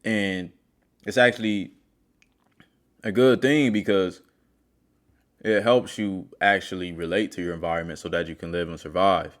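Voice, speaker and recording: A deep-voiced man delivers a motivational monologue and speaks straight to the listener. He talks earnestly, like a self-help host telling a story from his own life. His low voice stays steady as he works through his point. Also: a little slow, long pauses. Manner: earnest, storytelling, addresses viewer directly.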